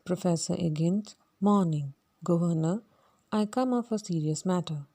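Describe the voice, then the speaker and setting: A woman voicing a shabby older Cockney father who talks slowly and pleads his case in a read-aloud play. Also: on the low side, dark tone. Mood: plain. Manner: slow, drawn-out, pleading.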